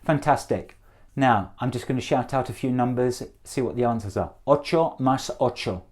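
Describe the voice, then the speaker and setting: With a medium-pitched voice, a middle-aged English-accented man coaches Spanish learners through repeating numbers, keeping a quick pace, offering encouragement and slipping in gentle jokes.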